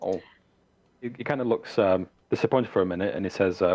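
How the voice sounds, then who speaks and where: A man narrating a tabletop game as game master, in a relaxed, halting way with many fillers. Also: low voice.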